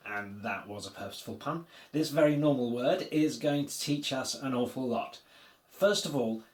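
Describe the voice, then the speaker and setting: A man's voice: mid-range voice, reverberant. A man explaining vocabulary in a recorded language lesson, patient and chatty, with frequent fillers. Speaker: language teacher.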